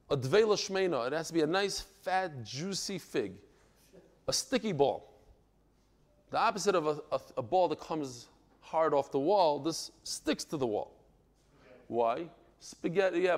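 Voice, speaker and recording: A man from Brooklyn, New York, teaching a Talmud class in a lively, digressive way, breaking into joking stories. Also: fairly high pitch. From United States (Brooklyn, New York).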